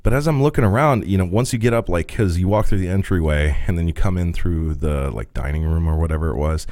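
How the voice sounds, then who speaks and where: Guy with a real low voice swearing thru a story, dry close sound. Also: fast talker, a little mellow, dry recording. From rural Midwest US. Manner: profane, laughing storyteller. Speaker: podcast co-host. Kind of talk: casual storytelling chat.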